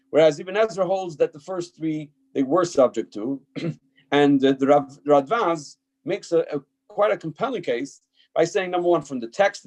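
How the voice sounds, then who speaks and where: A man's voice: a little high, a little mellow, poor audio. A man teaching a Torah text class as a rabbi, reading passages aloud and explaining them emphatically with frequent fillers and restarts. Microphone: checks if listeners can hear him.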